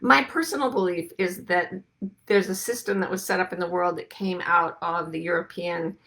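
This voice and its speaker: A woman's voice: lowish voice, fairly even intonation, moderate pace, fairly bright tone. A middle-aged woman hosting, talking casually and playfully to an online audience and greeting listeners by name. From United States. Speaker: host.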